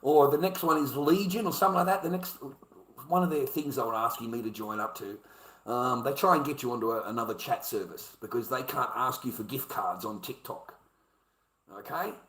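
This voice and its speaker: A man's voice: mid-range voice, fairly quick, a bit bright, low-quality recording. A man in a casual monologue, blunt and heavily profane, hammering his points home by repeating them. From Australia. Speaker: vlogger.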